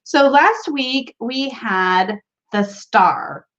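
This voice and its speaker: A woman's voice: on the high side, very animated, drawn-out words, a bit bright, dull audio. A woman hosting a casual tarot livestream from a room at home, greeting viewers by name and laughing often.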